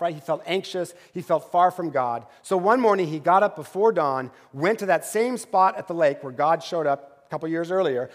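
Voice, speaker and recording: A pastor with a fairly high voice tells stories from the pulpit and keeps checking in with the congregation. His voice carries a long reverb from the church sanctuary. He talks in a relaxed, chatty way. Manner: conversational storytelling with asides like "right?"; drops to a quiet, slow prayer voice. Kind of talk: sermon.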